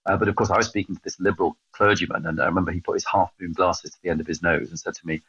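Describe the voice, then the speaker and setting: An English evangelist in his fifties, a guest on a podcast, tells stories in a casual interview, animated, quick, and self-mocking. His very low, husky voice moves rapidly, recorded close and dry with no room sound, slightly lo-fi and dull.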